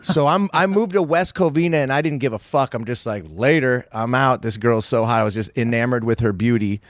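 A man's voice: mid-range voice, brisk, no room sound, clean studio sound. Brash, profane man in his forties. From San Francisco, United States. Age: 40s. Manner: profane, self-mocking and brash. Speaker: podcast guest. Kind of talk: casual storytelling chat.

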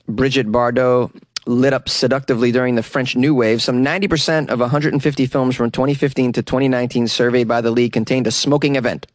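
A man's voice: medium pitch, dry recording, studio quality. A man from the United States reading weird news stories aloud and mocking them with sarcasm, laughing often between lines. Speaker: news commentary host. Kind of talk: casual news commentary.

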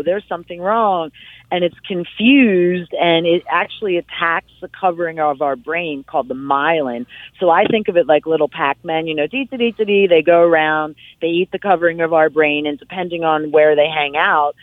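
A woman's voice: low voice, no echo. A woman guest on a podcast, talking casually and playfully with vivid comparisons. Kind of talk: casual interview talk. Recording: tinny phone-line sound.

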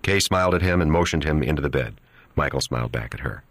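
A man narrating an audiobook with an extremely deep, low voice. He tells the story in a steady, even way. The recording is dry and close, with no room echo. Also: fast talker.

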